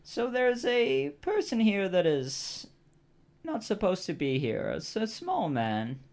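A man's voice: high voice, huge pitch swings, slow pace, a little mellow, voice pushed up, exaggerated voice. A man voicing a shrewd, sly woman quest-giver in a tabletop game, haggling and teasing. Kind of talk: tabletop role-play character voice.

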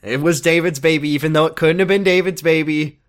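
A man's voice: a little high, fairly even intonation, quick pace. A man co-hosting a casual podcast, recapping a TV show with sardonic jokes and casual swearing. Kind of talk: casual chat.

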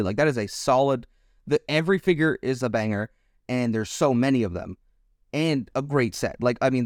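A man's voice: medium pitch, no echo, clean studio sound. A man co-hosting a podcast in casual chat, rambling and hedging his opinions with many restarts. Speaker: podcast co-host.

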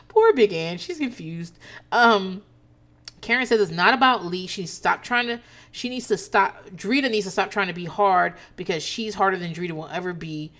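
A woman casually recapping a reality TV episode, animated and profane, laughing often as she talks. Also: medium pitch, moderate pace. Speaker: TV recap host.

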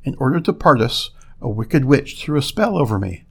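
A man voicing a gentle young maiden who speaks in formal, old-fashioned words. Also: medium pitch, big pitch swings, moderate pace, gravelly, husky, full character voice. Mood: calm. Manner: formal, archaic speech.

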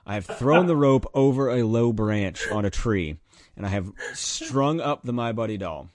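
A man telling a childhood story in casual chat, animated, with loud high bursts when he acts out his younger self. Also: normal speed, dry recording, clean studio sound.

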